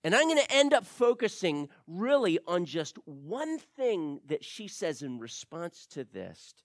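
A man preaching a sermon as pastor, reading scripture aloud with emphatic stresses and soft drops. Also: high voice, big pitch swings, a little slow, dry recording, studio quality.

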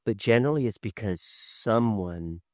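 A man, a father in his thirties, preaching a sermon, swinging from loud emphasis to hushed tones. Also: on the low side, animated, moderate pace, no room sound, studio quality. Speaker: pastor.

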